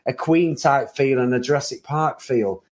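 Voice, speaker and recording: A man co-hosting a casual film review chat, animated and often laughing, with mock-serious asides. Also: medium pitch, moderate pace. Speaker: podcast co-host.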